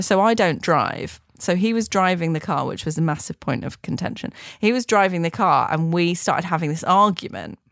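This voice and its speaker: Woman host, lower register, gravelly edge, chatty storyteller. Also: fairly bright tone, no echo, studio quality. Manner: chatty, laughs while telling stories. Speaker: podcast host. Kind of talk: casual chat, storytelling.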